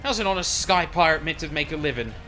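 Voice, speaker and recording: A man voicing a roguish male sky pirate captain with a deepened, rough pirate voice while reading game dialogue aloud. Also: expressive, fast talker, bright, forceful tone, soft background music. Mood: brisk.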